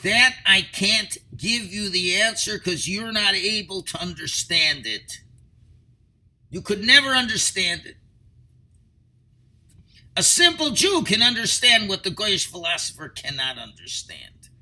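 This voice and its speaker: A man's voice: sits high, sing-song, a little slow, sharp tone, low-quality recording. A man teaching a Torah lecture as a rabbi, explaining earnestly through stories and rhetorical questions.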